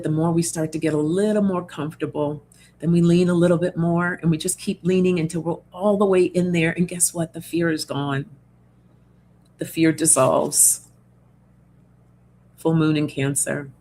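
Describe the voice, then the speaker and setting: A woman's voice: on the low side, steady tone, normal speed, dark tone, slight background noise. A woman hosting an oracle card reading livestream in casual chat, reading out viewer comments, reassuring and laughing often. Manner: chatty and reassuring, laughs often, many fillers.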